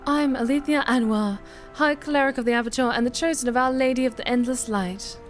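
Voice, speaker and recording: A woman voicing a pompous, self-important female high cleric investigator, speaking formally and grandly. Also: fairly even intonation, brisk, soft background music, close to an everyday voice. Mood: formal, self-assured.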